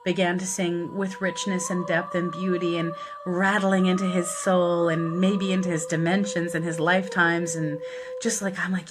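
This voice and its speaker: Middle-aged woman telling a personal story, heartfelt, gets lively retelling the talk. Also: fairly low pitch, moderate pace, background noise. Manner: heartfelt, gets animated and laughs while retelling dialogue. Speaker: death midwife.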